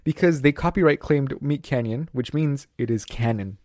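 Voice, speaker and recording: Seorang pria muda yang mengobrol santai sebagai pembawa acara, sering bercanda dan tertawa. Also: male voice, medium pitch, darkish tone, dry recording, studio quality. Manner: joking, quick asides, laughs often. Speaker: podcast co-host. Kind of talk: casual chat.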